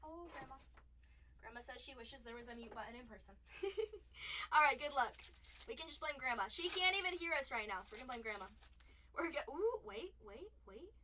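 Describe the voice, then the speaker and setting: A woman's voice: sits high, lively intonation, normal speed, pushed and bright, far from the mic, slight background noise. A young woman hosting a live-streamed trading card break, chatty and playful, laughing often and hyping each pull.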